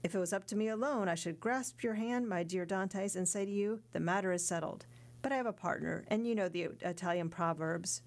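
A woman's voice: mid-range voice, a little fast, natural voice. A woman reading the part of a kindly middle-aged male ship owner in an audiobook, in a fatherly, encouraging manner.

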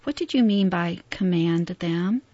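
A woman's voice: fairly low pitch, a little slow, warm tone, no room sound. A woman voicing a wary young woman worker in a storybook reading, hesitant and questioning. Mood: uneasy. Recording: dull, dry lo-fi recording.

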